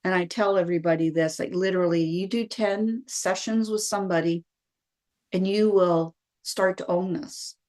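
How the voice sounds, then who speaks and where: A middle-aged woman, a guest telling her own story in a lively conversational way and acting out what she thought at the time. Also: on the low side, moderate pace. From Canada. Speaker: guest, wellness practitioner.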